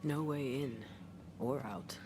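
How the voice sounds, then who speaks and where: A man's voice: medium pitch, slow pace, close to an everyday voice. An actor playing a wry adult male ghost hunter in a video game, making dry, sardonic remarks over hissy game audio.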